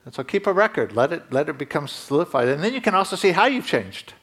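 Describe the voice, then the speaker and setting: A man preaching a sermon to his congregation in a conversational way, rising in pitch and emphasis at key points. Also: sing-song, fast, fairly bright tone. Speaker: pastor.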